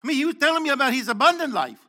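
Lively, bright-voiced older male preacher. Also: racing. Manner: questions the congregation, calls on people by name; shifts between loud exhortation and low asides. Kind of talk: interactive sermon.

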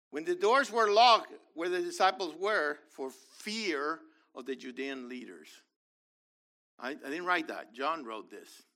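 A man's voice: sits high, sharp tone. A man teaching from the Bible, reading verses aloud and explaining them with enthusiasm.

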